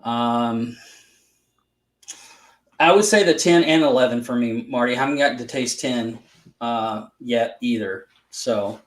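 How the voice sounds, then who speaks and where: A man's voice: medium pitch, unhurried, long pauses. Teasing man in an echoey room. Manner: laughing storyteller, teasing. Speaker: co-host. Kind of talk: casual chat.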